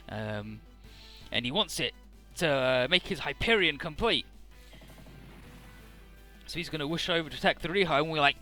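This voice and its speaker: A young man narrates his video game playthrough in loose, rambling, jokey commentary, swearing casually as he goes. His voice sits somewhat high and sounds bright and crisp. Soft music plays underneath. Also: animated, moderate pace, pauses often. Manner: rambling, profane, jokey retelling. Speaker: Let's Play commentator.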